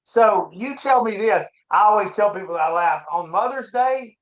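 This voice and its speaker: A middle-aged man as an interview guest, telling his personal story in a halting, reflective, earnest way. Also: high-pitched, animated. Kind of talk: casual conversation, personal story. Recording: roomy, dull lo-fi sound.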